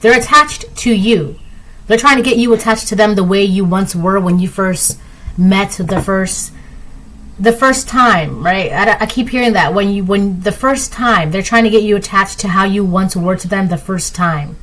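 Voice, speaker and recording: A woman's voice: normal speed, a bit bright, poor audio. Chatty woman giving a tarot reading. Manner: chatty, rambling, full of "like" and "right?"; acts out quoted lines in a higher voice. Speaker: tarot reader. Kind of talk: casual tarot reading monologue.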